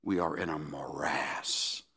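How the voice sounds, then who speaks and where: A male pastor preaching a sermon in a measured, emphatic way. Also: extremely low pitch, steady tone, sharp tone, husky. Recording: echoey hall with long reverb.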